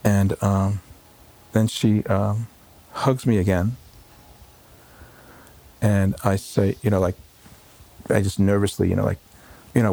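A rabbi with a lowish, gravelly man's voice tells his story slowly and haltingly, full of fillers, restarts and pauses. It is a personal recollection in a home interview, quiet and reflective. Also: flat delivery.

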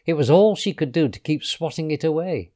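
A man reading a children's storybook aloud, his voice slightly raised in pitch and rising and falling in a lively way. He tells it expressively, with gentle drops at the ends of phrases. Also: brisk. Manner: expressive, dropping softly on speech tags.

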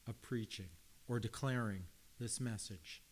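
A man's voice: fairly low pitch, a little slow, a little hiss or hum. A man preaching a sermon, reading Bible passages aloud and stressing key words earnestly, with frequent restarts.

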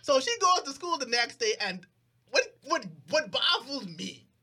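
Animated young man recounting a plot. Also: very high voice. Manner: animated, mock-outraged storytelling with quick put-on voices. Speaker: podcast co-host. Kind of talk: casual podcast chat, recounting a plot.

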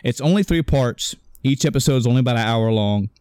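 A man's voice: mid-range voice, a little fast, darkish tone, clean tone, dry recording, clean studio sound. A man co-hosting a casual podcast chat, rambling and correcting himself as he retells a story, swearing offhand and acting out the characters' lines. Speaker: podcast co-host.

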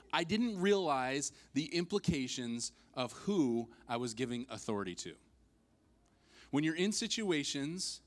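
A man preaching a sermon as its pastor, telling a funny personal story with self-mocking humor and acting out what people said. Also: on the high side.

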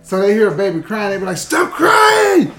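A co-host telling stories in a casual chat, animated and stammering through restarts. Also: mid-range voice, very fast, raised voice, loud music behind the voice. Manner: animated, acts out quoted voices, stammering restarts. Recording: roomy echoey room.

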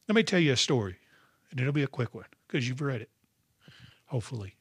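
A man's voice: mid-range voice, animated, fairly quick, a bit bright, slightly rough, no room sound, studio quality. A male pastor preaching a sermon, calling out to the congregation for responses. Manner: preaching with call-and-response asides.

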